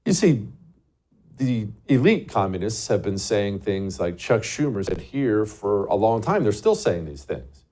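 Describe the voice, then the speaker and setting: A man's voice: on the low side, big pitch swings, unhurried, darkish tone. A man hosting a show, delivering a scornful, emphatic political commentary monologue full of rhetorical questions. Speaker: show host.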